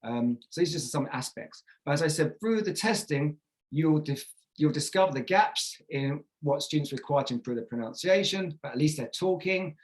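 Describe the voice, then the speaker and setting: A man's voice: on the high side, expressive, moderate pace, rough recording. A man giving a conference presentation on teaching pronunciation, explaining step by step with frequent fillers and restarts. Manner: models pronunciation examples aloud.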